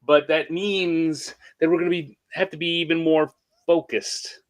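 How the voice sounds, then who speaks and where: A man co-hosting a casual podcast, joking with his co-host and then calmly laying out the episode plan over a remote call. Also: on the high side, unhurried, no room sound. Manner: playful, jokey banter; organized, walks through the plan.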